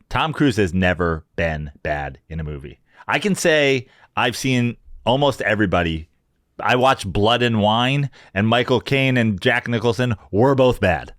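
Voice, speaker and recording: Forties male co-host, easygoing and candid, lowish voice, dry. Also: a bit bright, no room sound. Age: 40s. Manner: easygoing, laughs along, candid. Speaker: podcast producer and co-host. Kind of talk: casual comedic chat.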